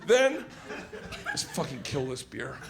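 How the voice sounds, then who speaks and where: A man telling a stand-up story on stage, laughing at his own jokes, with his voice cracking high. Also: wildly swooping pitch, takes it slowly, gravelly, background noise. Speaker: stand-up comedian. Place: comedy stage.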